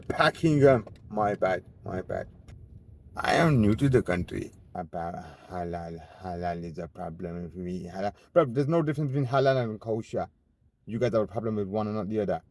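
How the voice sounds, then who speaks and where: A man's voice: mid-range voice, darkish tone, dry recording. A young man ranting on a city street outdoors, combative and swearing, firing off rhetorical questions and sarcastic asides. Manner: sarcastic asides and voiced mockery. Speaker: street interviewee. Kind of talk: ranting monologue on camera.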